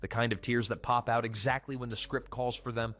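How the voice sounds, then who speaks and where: A man's voice: medium pitch, fairly even intonation, fairly quick, fairly bright tone. A man reading scripted commentary narration in a punchy, dramatic way.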